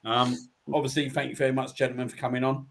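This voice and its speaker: A man's voice: mid-range voice, little pitch movement, quick pace, gravelly. A man hosting a casual live fan show, telling pub stories with blokey slang and frequent laughs. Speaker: host. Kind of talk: casual banter.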